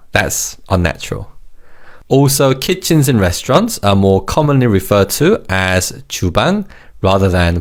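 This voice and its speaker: Male language teacher, low and very animated, clear encouraging drills. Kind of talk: scripted language lesson.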